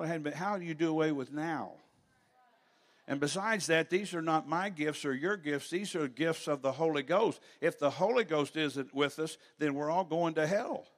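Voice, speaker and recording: Older male preacher, sermon, slightly high voice, rambling story asides, church. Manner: rises to loud preaching at times.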